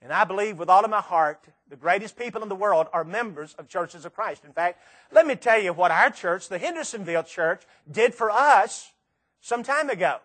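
A middle-aged man preaching a sermon, telling a story emphatically with repeated phrases and dramatic pauses. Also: high voice, lively intonation, a bit bright.

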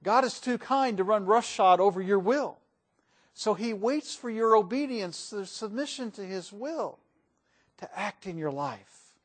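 A man preaching a sermon in a church, folksy and emphatic, rising and falling in loudness for emphasis. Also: high voice, animated, measured pace.

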